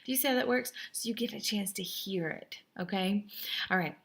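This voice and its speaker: Upbeat woman language teacher with a husky, gravelly voice, talking students through notes. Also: mid-range voice, a little fast, fairly bright tone. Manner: upbeat, chatty, encouraging. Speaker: French teacher. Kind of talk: recorded class lesson.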